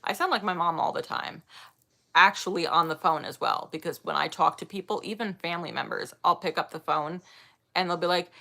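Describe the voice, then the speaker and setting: Chatty vlogger in her thirties, bright edge to the voice, laughs a lot. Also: fairly low pitch, fairly quick, gravelly. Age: 30s. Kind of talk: casual chat reading viewer comments.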